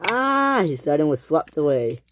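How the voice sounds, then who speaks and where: A storyteller narrating a home-made toy train adventure, with halting restarts and filler words. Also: medium pitch, darkish tone, slight background noise.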